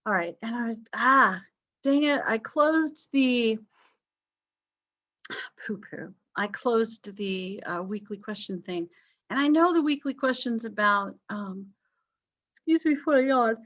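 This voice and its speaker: A woman's voice: on the high side, takes it slowly, fairly bright tone, dull audio. A woman instructor giving a chatty, self-deprecating recorded online lecture with frequent ums. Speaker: college history instructor.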